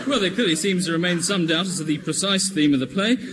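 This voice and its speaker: A man presenting a sketch-comedy radio show in a brisk, mock-earnest announcer manner. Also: high-pitched. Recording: noisy vintage radio recording.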